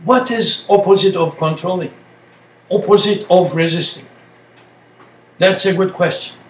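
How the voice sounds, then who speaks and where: A meditation teacher, a man with a high voice, talks very slowly in short, halting phrases and plain words. The mic sits well away from him in a roomy, echoing space, with faint noise in the background. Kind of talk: slow reflective talk. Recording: echoey room, distant mic, faint noise.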